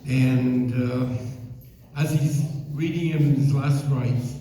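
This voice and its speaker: A man telling a string of jokes, with a halting delivery full of restarts. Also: mid-range voice, fairly even intonation, mellow. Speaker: joke teller. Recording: echoey hall from far off.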